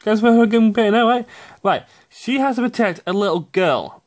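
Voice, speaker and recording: A young man giving profane, ranting commentary on video games, excitable and quick to burst out shouting. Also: high-pitched. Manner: excitable, swears often, sudden shouty outbursts. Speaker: gaming commentator.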